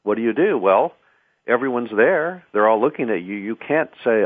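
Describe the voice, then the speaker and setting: A man's voice: mid-range voice, very animated, normal speed, slightly rough, no echo. A man hosting a radio talk show, giving conversational advice on public speaking and often restarting words. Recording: tinny phone-like radio sound.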